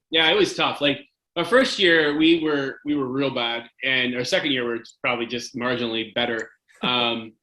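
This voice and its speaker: A man from Canada, a former hockey goalie, casually telling animated stories as a podcast guest. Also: mid-range voice, echoey room, poor audio. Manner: animated anecdote-telling, filler-heavy. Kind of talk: casual storytelling interview.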